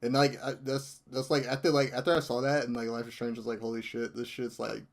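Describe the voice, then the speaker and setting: A man with a gravelly, fry-heavy voice at a middle pitch, chatting casually on a podcast. He grows excitable and loud and fills his talk with "like" and restarts. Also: fairly quick.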